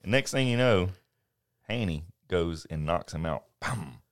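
A middle-aged man in casual chat, telling stories in an animated way and laughing often. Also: deep voice, a little slow, clear, resonant tone.

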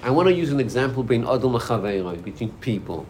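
A man's voice: mid-range voice, animated, fast, background noise. A man teaching an informal Torah class, acting out inner voices and dialogues as he explains.

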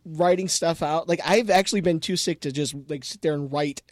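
A man's voice: fairly high pitch, dry recording. Rambling male radio host, dry mic. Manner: rambling, halting restarts. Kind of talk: casual studio chat.

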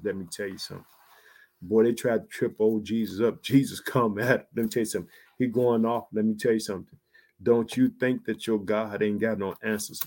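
A man preaching a sermon with fervent emphasis, calling out to his listeners and swinging from loud exclamations to hushed near-whispers. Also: on the low side. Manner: fervent, emphatic, repetitive call-outs to listeners.

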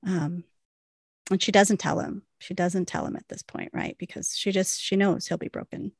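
A young woman chats her way through a TV episode recap, trailing off into fillers and laughing as she goes. Her voice has a gravelly, fry-heavy edge. It sits dry and close to the mic. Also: lowish voice, fairly even intonation, moderate pace, no echo. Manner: rambling, many fillers, laughs often. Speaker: podcast co-host. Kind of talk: casual recap chat.

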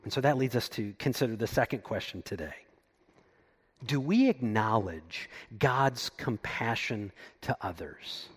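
Animated preacher man with a lively voice. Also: a little slow, slightly rough. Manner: dramatic, swings from loud emphasis to hushed low asides; reads scripture aloud and then explains it. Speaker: pastor. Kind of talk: sermon.

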